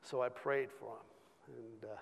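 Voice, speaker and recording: Halting man giving a testimony in a hall. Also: medium pitch, fairly even intonation, creaky, a little hiss or hum. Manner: halting, many repeated words and fillers. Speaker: church speaker sharing a testimony. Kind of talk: informal sermon testimony.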